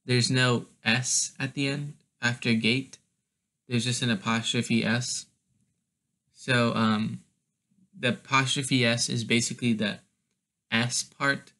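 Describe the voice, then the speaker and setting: A man's voice: medium pitch, sharp tone. A man teaching a casual language lesson, explaining step by step with a hesitant delivery and many fillers.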